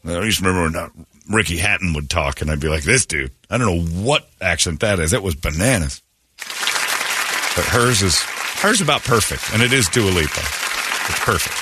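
In a radio studio, a man hosts a morning show, joking, rambling, and laughing often with his co-hosts. His voice is low-pitched, and there is background noise.

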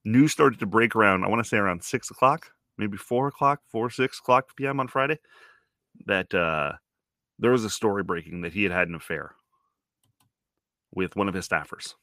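A Toronto podcast host in his thirties rambles through a wry, self-deprecating monologue, swearing casually. His lowish voice has a sharp tone at normal speed, captured in a dry, studio-quality recording.

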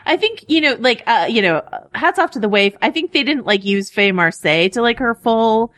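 A woman's voice: a little high, expressive, normal speed, a bit bright, no echo. Chatty woman podcast host, dry sound. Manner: chatty, laughing often, many fillers. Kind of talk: casual podcast chat.

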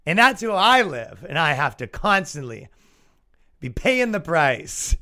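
A young Canadian man hosts his own comedy podcast with a sarcastic, swearing rant. His fairly high voice swings widely in pitch as he mocks opposing views. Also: a little slow. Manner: animated, sarcastic, swearing, mock-quoting opponents. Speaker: podcast host.

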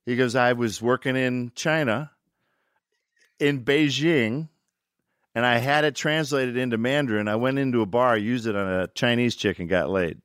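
A man's voice: mid-range voice, normal speed, clear, resonant tone, dry recording, clean studio sound. An older man telling stories casually, acting out quotes and cursing freely. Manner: animated, acts out quotes, profane. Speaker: actor telling set stories. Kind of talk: casual storytelling chat.

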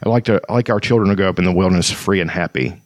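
A man's voice: low voice, rapid-fire, dry recording, lightly acted. A man reading the lines of a young male elf lord from a fantasy novel, tender and plain.

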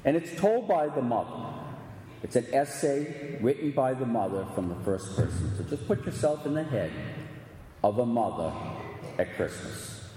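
A man preaching a sermon, reading a story aloud slowly and dramatically, at times slipping into song. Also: medium pitch, mellow, slight background noise. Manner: slow, dramatic reading with sung phrases. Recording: echoey hall with long reverb.

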